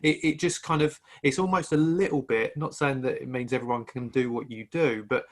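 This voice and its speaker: A male interviewer who asks warm, admiring questions in a casual chat. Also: medium pitch, fairly even intonation, brisk.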